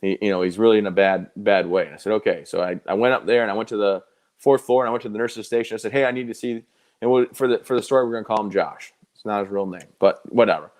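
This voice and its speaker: Lowish-voiced man telling stories. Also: fast. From United States. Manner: animated, conversational, with fillers and quoted dialogue. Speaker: guest. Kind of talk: storytelling in a live interview.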